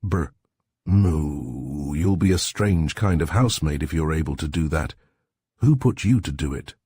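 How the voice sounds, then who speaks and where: A man's voice: rumbling low, animated, measured pace, warm tone, husky, dry recording, full character voice. A man reading the part of an irascible old general who snaps and barks his words. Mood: gruff. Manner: snappish, barking.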